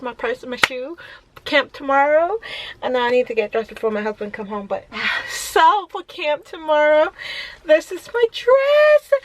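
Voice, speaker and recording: A young woman, a mother vlogging casually to camera in a chatty, scattered way and laughing often. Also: sits high. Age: young adult. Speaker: vlogger, mom of five.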